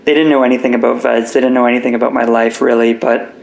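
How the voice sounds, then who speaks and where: A man's voice: medium pitch, level tone, quick pace, creaky, a little mellow, rough recording. A young man as an interview guest, talking earnestly and reflectively about his life, with emotion close to the surface. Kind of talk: candid personal interview.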